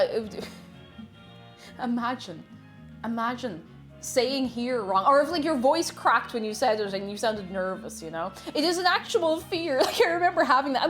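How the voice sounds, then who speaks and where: A young woman from Ireland, with an Irish accent and a voice on the high side, chats casually on a live stream while baking. She reads the chat aloud and jokes along with it.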